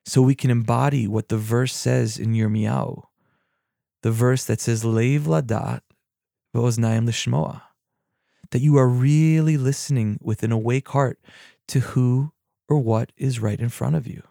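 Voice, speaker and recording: A man hosting a podcast on mindful listening, calm and unhurried with self-mocking humor, who moves into guiding a meditation. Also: medium pitch, gravelly, no echo, clean studio sound. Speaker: podcast host and meditation teacher. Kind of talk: reflective podcast talk and guided meditation.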